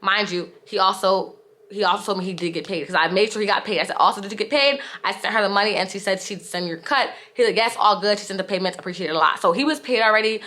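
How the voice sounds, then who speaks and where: A young woman recounts her story to the camera in a candid, exasperated vlog voice. Her tone is bright and clear, pitched in an ordinary middle range. She talks casually, leaning on "like" as she goes. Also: fast talker. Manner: candid, exasperated retelling with frequent "like". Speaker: vlogger.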